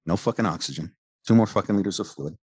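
Male, former medic, bass voice, heated profane storyteller, dry mic. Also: fast talker, a little mellow, breathy edge, no room sound. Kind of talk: angry personal account.

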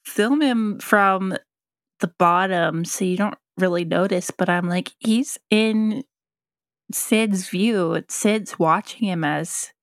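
A woman co-hosting a podcast in casual chat, talkative and quick to laugh. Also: medium pitch, no room sound, studio quality. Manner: chatty, laughs often, quick asides. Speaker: podcast co-host.

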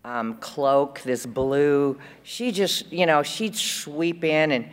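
A woman's voice: sits low, slow pace. A woman talks from a conference stage in a loose, rambling way, with plenty of fillers and fond asides. Her voice carries a long hall reverb, as if from a large conference room. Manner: chatty, rambling, fond, with frequent fillers and laughs. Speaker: conference speaker. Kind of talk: recovery share at a conference.

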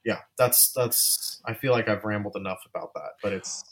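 A man's voice: fairly low pitch, moderate pace, fairly bright tone. A man talking as an interview guest, a filmmaker speaking candidly and rambling with frequent restarts. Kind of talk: casual interview chat.

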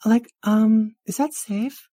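Man doing a valley girl, young woman, squealing, gushing, easily shocked, husky. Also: high voice, fairly even intonation, takes it slowly, mellow, dry recording, clean studio sound, pitched above the performer's own voice. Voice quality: squealing, breathless gasps. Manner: improvised valley girl exclamations.

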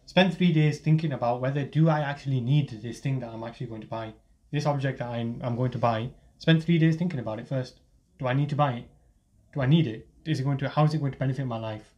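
A man's voice: medium pitch, fast talker, a little mellow, muffled recording. A man co-hosting a casual podcast, giving advice with a few fillers. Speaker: podcast co-host.

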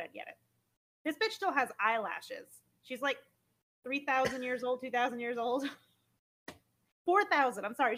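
A woman's voice: a little high, a bit bright, poor audio. A woman co-hosting a podcast in casual chat, explaining eagerly, swearing casually and correcting herself. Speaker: podcast co-host.

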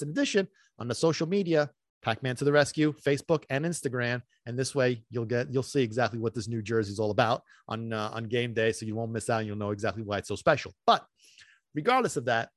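A man hosting a podcast, telling a long story in an animated, rambling way that swings between loud bursts and muttered asides. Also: medium pitch, fast, no echo, clean studio sound. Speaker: podcast host.

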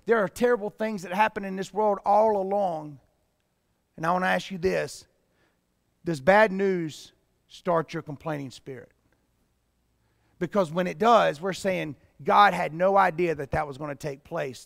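A man's voice: high voice, normal speed, vocal fry, a bit bright, dry recording, clean studio sound, big-room sound. A man preaching a sermon, reading scripture and dramatizing it with rising intensity. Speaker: pastor.

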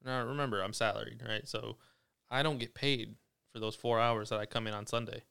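A man's voice: lowish voice, fairly even intonation, a little fast, gravelly, pushed and bright, clear, resonant tone. A man in casual podcast chat, venting with lots of swearing. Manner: venting, profane, emphatic. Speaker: podcast co-host.

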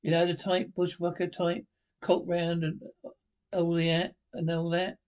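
An actor playing a chatty working-class bloke telling a rambling anecdote about a mate, in a sketch comedy show. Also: male voice, on the high side, completely flat delivery, measured pace, darkish tone, lightly acted. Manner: rambling, casual, self-correcting storytelling.

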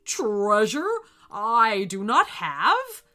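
A woman voicing a greedy male dragon in a storybook reading, booming and slow. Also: big pitch swings, a bit bright, faint music behind, heavily acted. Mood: curious.

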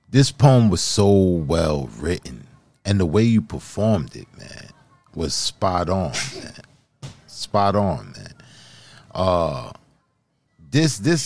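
A man hosting a podcast, chatting casually and praising a poem, laid-back and drawn-out. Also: low-pitched, a little mellow, no echo. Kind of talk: casual chat.

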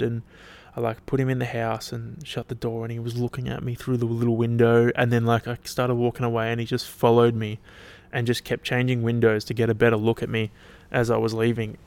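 A man's voice: mid-range voice, completely flat delivery, fairly quick, few pauses, darkish tone, smooth. Laid-back Australian man, rambling podcast chat. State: tired, yawning. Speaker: podcast host. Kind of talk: casual solo podcast chat.

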